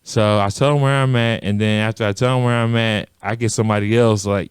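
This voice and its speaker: Speaking fairly quickly with few pauses, a man with a fairly low, clear, resonant voice co-hosts a podcast. He tells a story in casual chat, laughs a lot, and acts out quotes from others, and the studio-quality audio has no room sound.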